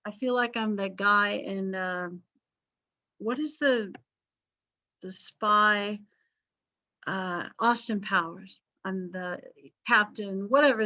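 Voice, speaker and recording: A woman's voice: mid-range voice, fairly even intonation, slow, long pauses, pushed and bright. Chatty woman teacher, dull lo-fi lecture. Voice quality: voice strained from vocal cord damage. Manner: chatty, self-correcting, jokey asides. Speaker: history teacher. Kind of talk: recorded class lecture.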